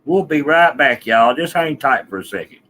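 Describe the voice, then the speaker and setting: A man chatting to his live-stream viewers in an animated, direct way. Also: mid-range voice, moderate pace. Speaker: livestreamer addressing viewers. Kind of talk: casual live-stream talk.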